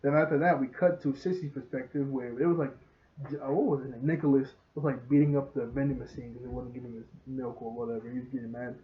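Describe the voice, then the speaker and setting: Excitable man rambling through a show review. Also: medium pitch, fast talker. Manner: rambling, excitable, laughs often, retells scenes. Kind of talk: casual episode review. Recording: roomy, dull lo-fi sound.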